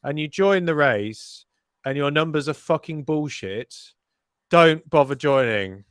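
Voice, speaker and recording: A man giving casual, excitable live race commentary, sweary and rambling with fillers. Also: fairly high pitch, unhurried, clear, resonant tone.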